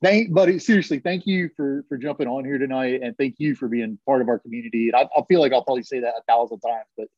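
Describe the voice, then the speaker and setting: A man's voice: mid-range voice, quick pace, few pauses, darkish tone, no room sound. Guy hosting a call-in podcast, ribbing callers, dry muffled zoom audio. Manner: joking, teasing banter with callers. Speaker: podcast host. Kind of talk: casual live call-in chat. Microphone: video call.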